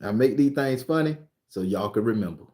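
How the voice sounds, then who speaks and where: A man from southern Florida chats on a phone live stream as its host. He jokes crudely and talks loudly, and his voice leaps up and down all the time. His pitch sits in the middle for a man. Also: a little fast. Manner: bawdy, joking, loud and animated. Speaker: spiritual reader and channel host. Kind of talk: casual live-stream chat.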